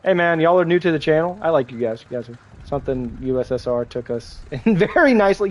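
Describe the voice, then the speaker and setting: An American man in his twenties talks loosely to his viewers while gaming, his pitch swinging up and down with lively energy. He reacts, jokes and curses between reading chat messages. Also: fairly quick. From United States. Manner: chatty, swearing, reacting to chat and gameplay. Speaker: live streamer. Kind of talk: casual live-stream chat while gaming.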